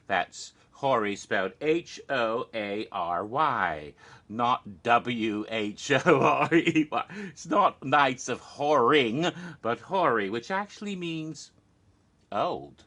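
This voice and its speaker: A man's voice: medium pitch, expressive, slow pace, bright, forceful tone. A man hosting a casual cocktail-making show, rambling through asides and punning, chuckling at his own jokes with mock alarm.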